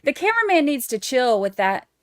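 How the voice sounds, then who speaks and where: A woman's voice: high voice, big pitch swings, fairly quick, fairly bright tone, dry recording, clean studio sound. A woman hosting a casual livestream, chatting with viewers in a snarky, laughing way. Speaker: livestream host. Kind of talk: casual chat with live chat.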